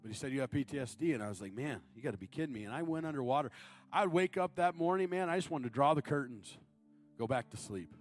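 A man in his thirties preaching a sermon, moving between loud, high-pitched appeals and low, confiding storytelling. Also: lively intonation, fast, soft background music. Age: 30s. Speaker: guest preacher.

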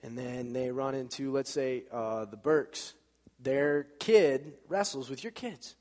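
A man's voice: mid-range voice, slow, a little mellow, in a large hall. A man giving an informal church talk, casual and chatty, telling stories and acting out the dialogue. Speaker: church speaker. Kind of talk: informal sermon with storytelling.

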